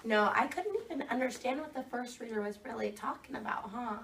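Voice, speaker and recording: A woman with a fairly high voice runs a second grade reading lesson, upbeat and directing the children. She is picked up from across the room, and the classroom echoes around her. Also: fairly quick, gravelly, distant mic, crowd noise.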